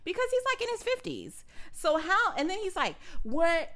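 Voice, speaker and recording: Animated, profane woman podcast co-host. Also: extremely high pitch, brisk. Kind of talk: casual chat.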